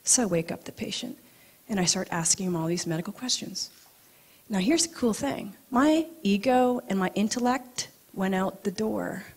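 A woman who practises acupuncture gives a talk, telling a personal story in a lively, animated way. She laughs easily and sometimes drops to a soft, hushed tone for emphasis. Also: mid-range voice, moderate pace, husky.

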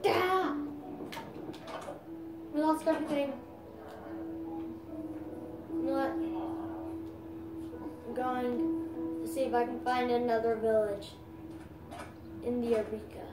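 A woman giving casual commentary while playing a video game, talking to viewers and crying out loudly at setbacks. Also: fairly high pitch, steady tone, takes it slowly, pauses often, recorded from a distance. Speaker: gaming video creator. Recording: roomy sound, voice off-mic, music behind.

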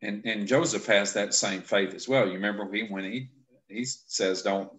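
Low-voiced man explaining scripture. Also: fairly bright tone. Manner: explanatory, halting with frequent restarts. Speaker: Bible class instructor. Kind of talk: casual scripture teaching discussion.

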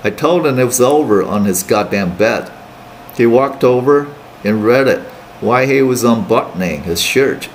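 A man's voice: medium pitch, slight background noise. Man reading a novel aloud for students. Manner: steady, plain read-aloud narration with brief Mandarin asides. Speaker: English teacher.

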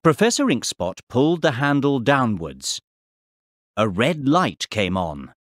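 Slow, very expressive male storyteller. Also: mid-range voice, dry recording, studio quality. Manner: deliberate, expressive reading for learners. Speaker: narrator. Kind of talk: slow, clear textbook narration.

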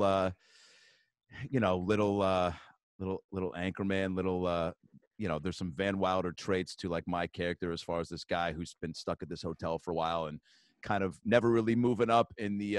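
A man guest on a podcast telling a comic anecdote, animated, profane and quick to roll from one detail to the next. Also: sits low, dry recording. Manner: lively, profane, fast-rolling anecdotes. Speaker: comedian guest.

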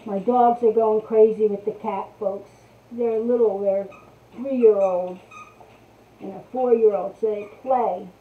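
A woman's voice: medium pitch, steady tone, slow pace. A woman hosting a casual craft tutorial live stream, chatting to viewers while she works on a piece at her table. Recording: tinny phone-like sound.

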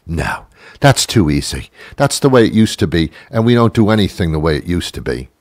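A man's voice: deep voice, big pitch swings, a little fast, no echo. A man hosting a comedy show, delivering an exasperated, sarcastic rant in a dry close recording. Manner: exasperated, sarcastic, mimics voices. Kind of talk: comic rant monologue.

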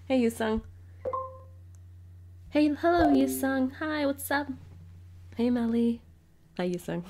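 Female let's-player, bright and high, chatty and giggly, reads game dialogue aloud. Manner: playful, giggly, reads character lines in her own voice. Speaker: gaming streamer. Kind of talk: casual let's-play commentary, reading game dialogue aloud.

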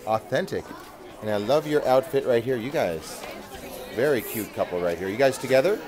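A man's voice: mid-range voice, expressive, moderate pace. A male host greeting costumed trick-or-treaters at a theatre Halloween event with upbeat, playful banter, complimenting each costume in turn. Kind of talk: on-the-spot event coverage. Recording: crowd chatter behind.

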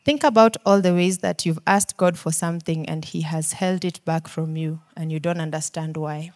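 A woman's voice: sits low, steady tone, normal speed. A woman preacher with a Kenyan accent, preaching a sermon in an earnest, pleading way, firing questions and moving from near-whispers to emphatic pushes.

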